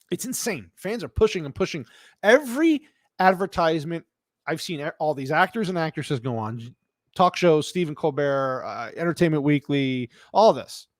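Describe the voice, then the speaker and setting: A man's voice: on the high side, no echo, studio quality. A man hosting a casual live show, ranting bluntly and crankily with plenty of swearing while he answers his chat. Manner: cranky, blunt, profane rant. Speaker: streamer reading live chat.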